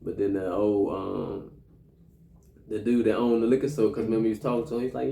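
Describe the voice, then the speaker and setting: A man with a gravelly, mellow voice chats casually about a movie, retelling scenes with animated energy and salty language. He sounds like he is in an echoey room. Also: fairly low pitch, a little fast, slight background noise. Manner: animated retelling, profane, acts out quoted lines. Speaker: movie review co-host. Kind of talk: casual chat.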